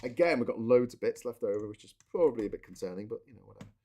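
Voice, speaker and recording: A man's voice: medium pitch, lively intonation, rapid-fire, a little mellow. Chatty man rambling while building. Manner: chatty, rambling, self-correcting, jokey. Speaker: host building a model while talking. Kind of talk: casual live chat.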